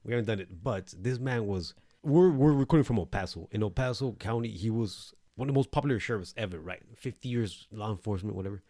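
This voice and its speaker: A man's voice: on the low side, expressive, quick pace, dark tone, no room sound, clean studio sound. A man co-hosting a podcast, telling his own story in a loose, profane, streetwise way. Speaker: podcast co-host. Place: El Paso recording studio.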